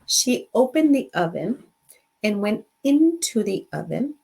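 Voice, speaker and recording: A woman's voice: a little high, very animated, measured pace, vocal fry, darkish tone, slightly rough. A middle-aged woman hosting a live show, chatting with viewers and telling stories, switching between English and Spanish as she laughs along. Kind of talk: casual bilingual live-stream chat.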